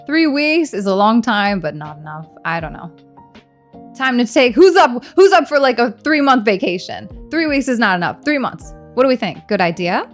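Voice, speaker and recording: A woman's voice: fairly high pitch, moderate pace, soft background music. Chatty, teasing woman streamer. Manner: animated, laughing, teasing. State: hungry, eating during stream. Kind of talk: casual live-stream chat.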